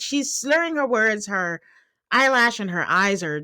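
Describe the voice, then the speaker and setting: Animated woman laughing through a recap. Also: on the high side, moderate pace, no echo, clean studio sound. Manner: animated, laughing, acting out quotes. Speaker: podcast host. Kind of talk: casual reality-TV recap chat.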